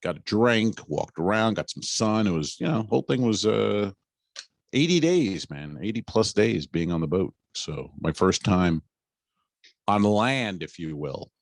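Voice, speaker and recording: A man's voice: lowish voice, lively intonation, unhurried, creaky, no echo, studio quality. A man, a comedian and podcast co-host, telling a story in casual chat and acting out the dialogue.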